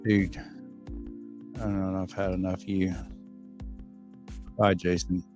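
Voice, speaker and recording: Hoarse man chatting on a livestream. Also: low voice, little pitch movement, takes it slowly, music in the background. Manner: loose, rambling, swears freely, repeats words when starting. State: hoarse, losing his voice. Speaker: livestream host. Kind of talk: casual chat reading viewer comments.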